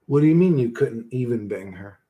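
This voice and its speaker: A man's voice: mid-range voice, expressive, brisk, muffled recording. A man hosting a casual livestream, reading chat and answering bluntly with lots of swearing and "bro.".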